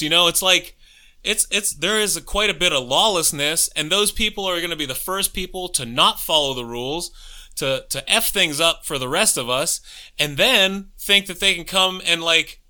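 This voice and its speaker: A man with a Youngstown, Ohio accent, co-hosting a casual chat, heated and profane, telling stories and mimicking himself shouting. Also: sits high. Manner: heated, profane, storytelling with loud put-on shouting.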